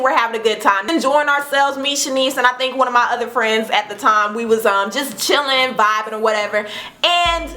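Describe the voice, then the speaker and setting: A woman in her twenties, a vlogger telling a casual storytime, animated and acting out what people said. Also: high voice. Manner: animated, acts out quotes with laughs.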